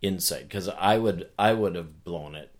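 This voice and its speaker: A man talking as a guest in a casual conversation, telling a story with animated energy and earnest restarts. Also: low-pitched, unhurried. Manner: animated storyteller who acts out voices. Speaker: author and guest.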